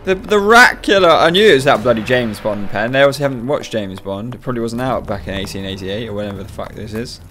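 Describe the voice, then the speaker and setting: Exasperated sweary gamer. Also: male voice, on the low side, quick pace, hardly any pauses. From United Kingdom. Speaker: let's play gamer. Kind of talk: gameplay commentary.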